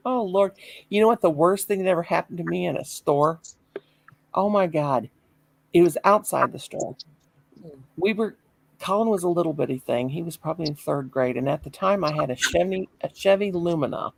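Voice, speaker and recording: Gravelly, animated middle-aged woman. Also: on the low side, moderate pace, no echo, low-quality recording. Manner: animated storyteller, laughing, exclamations. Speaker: chat participant. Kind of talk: casual chat, storytelling.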